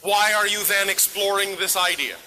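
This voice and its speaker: An otherworldly male being, as a man channels it, speaks in a high, piercing voice. He is clipped and emphatic, answering a live audience and pressing questions back at them. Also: steady tone, normal speed, sharp tone, slight background noise, rough recording. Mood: insistent. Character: otherworldly male entity channeled through a man, insistent and probing.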